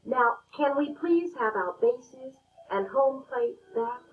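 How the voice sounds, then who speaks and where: A frank young boy ballplayer who says things straight, his voice a bit raised and lively, as a woman reading a storybook puts him on. Muffled lo-fi recording, faint music behind. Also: high voice, slow, far from the mic. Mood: blunt.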